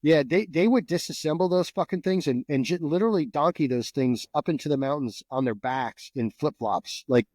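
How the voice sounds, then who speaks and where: A man's voice: fairly high pitch, brisk, few pauses, no room sound. A middle-aged man from New Jersey, a veteran guest, telling stories casually with lots of swearing and repeated words. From New Jersey, USA. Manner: profane, animated, repeats words. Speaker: guest, Green Beret veteran. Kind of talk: casual storytelling.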